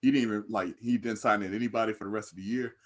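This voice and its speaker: A young man, a podcast co-host, telling a long story in a relaxed, casual way. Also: fairly low pitch, very fast. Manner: laid-back, laughs when riled up.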